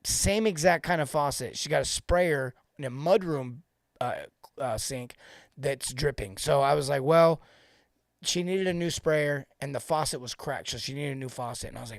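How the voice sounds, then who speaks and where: A man coaching plumbing technicians on a live show, emphatic and animated, hammering his points home through repetition. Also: medium pitch, fairly quick, creaky, no room sound, clean studio sound.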